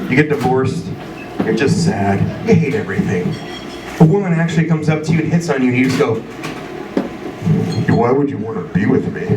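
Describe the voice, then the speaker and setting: A middle-aged man doing a crude, self-mocking stand-up comedy set in a bar, acting out voices. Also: fairly high pitch. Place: bar or club stage. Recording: echoey room, mic far off, noisy.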